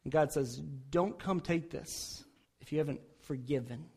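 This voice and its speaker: A man preaching a sermon as pastor, rising loud when voicing prayers and dropping soft for quiet appeals. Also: a little high, measured pace, breathy edge.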